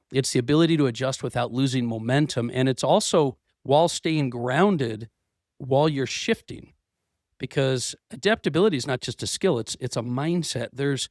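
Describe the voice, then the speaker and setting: A man's voice: mid-range voice, no room sound, studio quality. A man hosting a motivational business podcast, talking earnestly and restarting his phrases, his voice a bit worn from losing it. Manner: earnest, repeats words while restarting. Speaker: podcast host. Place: office.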